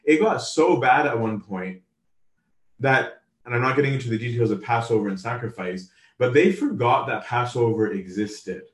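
A man's voice: medium pitch, expressive, normal speed. Casual preacher man in a roomy church. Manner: casual, conversational, acts out quoted voices. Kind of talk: sermon. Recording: roomy, from a distance.

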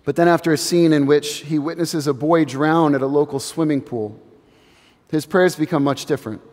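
Earnest preacher with a slightly high voice. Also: male voice, in a large hall. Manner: earnest, reflective, building slowly to hushed emphasis. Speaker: pastor. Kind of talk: sermon.

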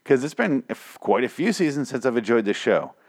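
A man's voice: mid-range voice, sing-song, brisk. A young man hosting a solo review podcast, profane and sarcastic, his voice weak and strained. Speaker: podcast host. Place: home room with dogs. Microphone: desk microphone.

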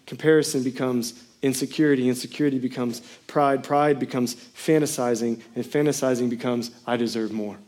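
A man in his thirties, a pastor giving a sermon in a casual, jokey storytelling way, often breaking into loud, excited bursts. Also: mid-range voice.

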